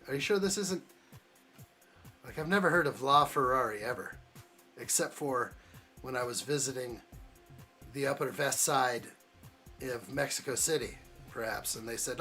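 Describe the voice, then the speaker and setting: A man's voice: mid-range voice, normal speed, long pauses, sharp tone, faint music behind. A man hosting a live building stream, chatting casually and jokingly with viewers as he reacts to the chat. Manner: jokey, chuckling, reacts to chat.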